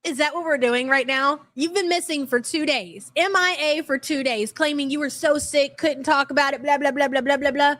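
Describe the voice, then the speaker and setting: Woman host, high voice, mocking live-stream commentary, profane and blunt. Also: normal speed, hardly any pauses, fairly bright tone.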